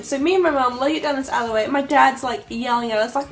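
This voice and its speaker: A young woman tells a vlog story, gushing and breathless, with "like" in nearly every line. Her voice sits high. Faint music plays under her talk. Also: animated, a little fast, hardly any pauses. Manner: gushing, breathless, heavy use of "like". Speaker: vlogger.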